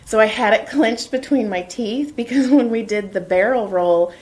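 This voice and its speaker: A woman's voice: fairly high pitch, normal speed. A middle-aged woman hosting a podcast in a basement while giving a massage, chatting casually and telling stories with frequent laughter. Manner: laughing often, animated storyteller. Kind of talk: casual chat.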